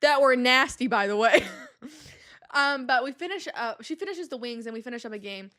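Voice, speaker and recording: A young adult woman hosting a podcast, telling casual stories in an animated, exasperated way with lots of "like" and "um". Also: on the high side, moderate pace. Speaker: podcast host. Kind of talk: casual storytelling monologue.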